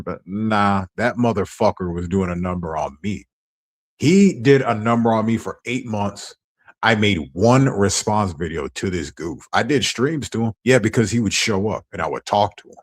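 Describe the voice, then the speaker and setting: A man's voice: lowish voice, expressive, normal speed. A man ranting on his stream, heated and profane as he tells his side of a feud. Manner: angry, profane storytelling.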